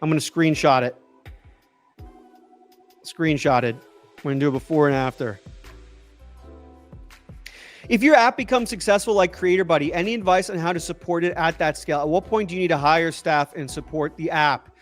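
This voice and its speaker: A man chatting casually on a livestream and answering viewer questions, excitable and rambling. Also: a little high, normal speed, long pauses, soft background music. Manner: rambling and excitable, trailing off and restarting. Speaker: tech YouTuber answering live chat.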